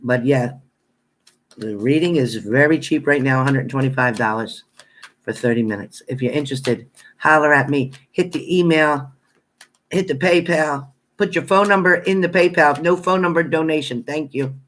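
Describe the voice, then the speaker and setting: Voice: mid-range voice, moderate pace, fairly bright tone. A tarot reader hosting a casual live stream, chatting with viewers and greeting them by name in a blunt, playful way with frequent laughter. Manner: laughs often, playful banter; blunt, straight-talking.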